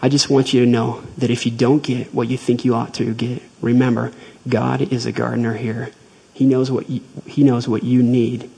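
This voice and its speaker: A man giving a devotional talk, retelling a personal faith story in a measured, earnest way. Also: medium pitch, flat delivery, gravelly, dark tone, slightly rough, low-quality recording.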